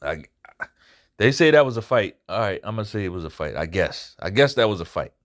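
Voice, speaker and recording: A man's voice: lowish voice, sing-song, a little fast. A man hosting his own boxing commentary channel, giving a casual fight recap. He talks bluntly and swears often, and he repeats his points for emphasis.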